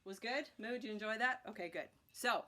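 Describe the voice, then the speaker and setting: A woman's voice: on the high side, brisk, bright, forceful tone. A woman teaching a children's music class, chanting rhythm words and cheering on her young learners. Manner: encouraging, sing-song chanting of rhythm words.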